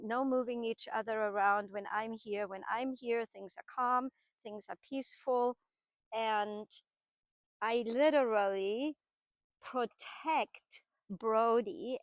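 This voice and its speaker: A middle-aged woman teaching horsemanship. She explains each step patiently and keeps checking in with her listeners. Her voice sits a little high and sounds dry and close. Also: smooth, dry recording, highs cut off. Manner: patient, explanatory, with frequent tag questions. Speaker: horsemanship trainer. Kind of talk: explanatory teaching talk while working horses.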